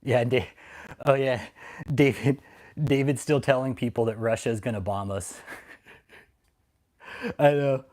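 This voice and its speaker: A man's voice: mid-range voice, normal speed, darkish tone. A man hosting a livestream, ranting at his critics and reading chat in a profane, mocking, confrontational way. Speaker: livestream host. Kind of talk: casual livestream rant.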